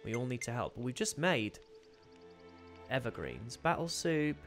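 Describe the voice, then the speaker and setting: A man's voice: mid-range voice, big pitch swings, measured pace, fairly bright tone, faint music behind. Playful young man chatting on a stream. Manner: playful, self-deprecating, reads chat. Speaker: voice actor streaming a game. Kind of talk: casual live-stream chat.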